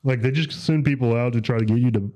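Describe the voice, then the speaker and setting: A podcast host with a warm, medium-pitched voice talks quickly in a casual chat. His style is laid-back and rambling, packed with filler words and swearing.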